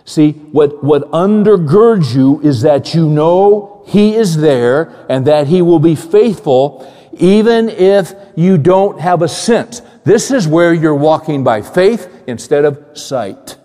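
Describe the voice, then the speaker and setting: A male pastor preaching a sermon in a conversational, animated way, repeating phrases and asking the congregation questions. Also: a little high, takes it slowly. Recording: long hall reverb.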